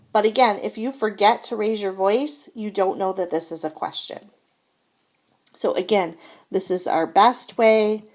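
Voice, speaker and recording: A woman teaching French grammar in a recorded lesson, patient and repetitive, often checking in with "okay?". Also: lowish voice. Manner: patient, repeats "so again" and "okay?".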